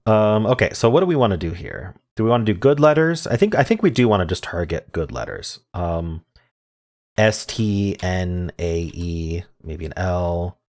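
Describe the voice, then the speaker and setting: A man hosting a word game video thinks aloud in casual commentary, muttering half-sentences. His voice sits low with a darkish tone, swinging widely in pitch at a normal speed.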